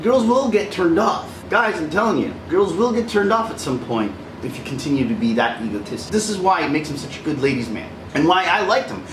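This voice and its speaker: A man's voice: a little high, big pitch swings, brisk, few pauses, roomy sound, distant mic, noisy background. A man hosting a casual commentary video, talking animatedly and laughing often as he acts out quotes. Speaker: video essay host. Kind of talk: casual commentary over film clips.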